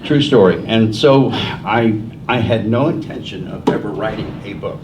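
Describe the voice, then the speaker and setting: Speaking at a measured pace in a voice on the low side, an older New Jersey man who writes books rambles through self-mocking stories at a library forum. It's a distant, muffled recording of the meeting room, with a faint hiss behind it.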